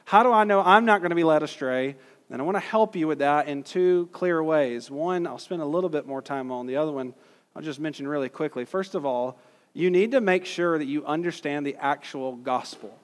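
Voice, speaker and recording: A man's voice: fairly high pitch, a little fast. A man preaching a teaching sermon in an earnest way, acting out quoted voices in his illustration. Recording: long hall reverb.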